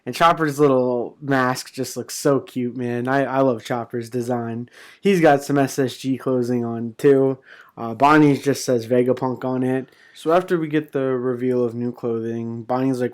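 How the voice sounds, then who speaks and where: A young man casually recapping and reviewing a comic chapter, excited and rambling, with fillers, restarts and swearing. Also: mid-range voice, normal speed.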